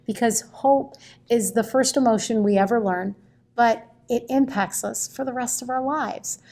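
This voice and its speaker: A woman educator tells a classroom story with real animation, her voice rising and falling as she goes. Her voice sits a little higher than most women's. She talks through it as a guest in a relaxed conversation.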